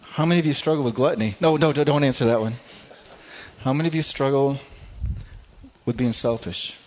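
A man's voice: mid-range voice, brisk, highs cut off. A male pastor preaching a sermon to a congregation, speaking conversationally, repeating words and asking the room questions. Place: church service before a congregation.

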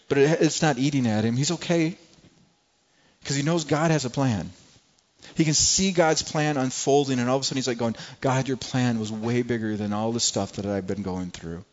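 A man's voice: medium pitch, muffled recording. A man preaching a sermon in an earnest, emphatic way, often restarting his phrases. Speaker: pastor.

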